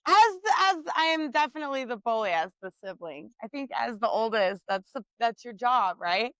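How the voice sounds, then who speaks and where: High-pitched, profane young woman. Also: lively intonation, brisk, dry recording, poor audio. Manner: profane, loud storyteller. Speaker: podcast co-host. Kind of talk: casual chat.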